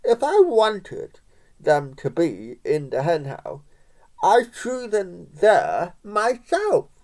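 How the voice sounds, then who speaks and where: A reader doing a shrill, huffy mother hen. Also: huge pitch swings, slow, a little mellow, heavily acted. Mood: indignant. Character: fussy mother hen, indignant. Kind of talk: storybook reading.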